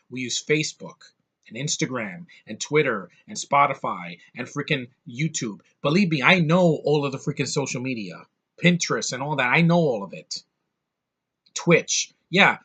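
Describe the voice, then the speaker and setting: A man's voice: fairly high pitch, sharp tone, breathy edge. A man giving a blunt, sarcastic, profane rant as a movie reviewer. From United States.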